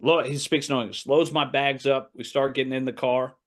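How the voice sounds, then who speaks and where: Male, 30s, American, podcast guest, lively storyteller who voices other people. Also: medium pitch, brisk. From United States. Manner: animated anecdote-telling, acting out quoted voices, laughs often. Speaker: assistant basketball coach, podcast guest. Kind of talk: casual storytelling in a podcast interview.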